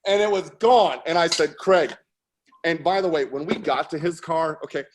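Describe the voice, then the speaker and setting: A man telling a story with mounting excitement, his voice jumping up into shouts and laughs. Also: fairly high pitch. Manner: animated, fast-building, breaks into shouts and laughter. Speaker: artist guest. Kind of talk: excited storytelling on a video call.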